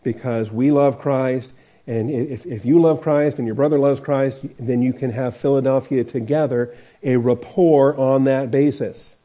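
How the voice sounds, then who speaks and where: A man's voice: mid-range voice, fairly even intonation, a little slow. A male pastor teaching a Bible passage verse by verse in a conversational way, with frequent fillers and restarts. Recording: dull lo-fi recording.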